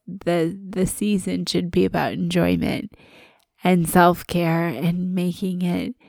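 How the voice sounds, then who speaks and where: Stuffy-voiced woman with a cold, slow. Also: lowish voice, creaky, mellow, no room sound. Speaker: podcast co-host. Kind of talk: casual podcast chat.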